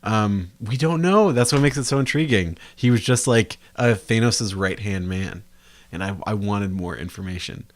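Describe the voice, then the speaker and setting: A young man co-hosting a casual podcast chat, animated and quick to laugh. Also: on the low side. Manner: animated, laughs often, breaks into quoted impressions. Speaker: podcast co-host.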